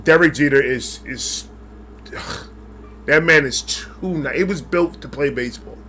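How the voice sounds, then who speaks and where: A man chatting on a podcast in a joking, slangy way, often cursing. His voice is bright and fairly high. Faint noise sits behind him. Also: a little slow. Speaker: podcast co-host. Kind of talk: casual chat.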